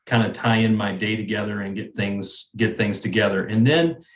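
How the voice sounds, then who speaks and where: A man's voice: lowish voice, steady tone, normal speed, roomy sound. A man who is a guest on an interview, speaking earnestly and often repeating words as he thinks. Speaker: guest, sales manager. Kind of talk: interview conversation.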